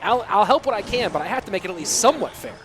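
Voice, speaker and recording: A high-pitched American man commentates an esports match live. He chats easily with viewers between plays, and clear music plays behind him. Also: lively intonation, very fast. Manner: chatty, reads out and answers viewer chat.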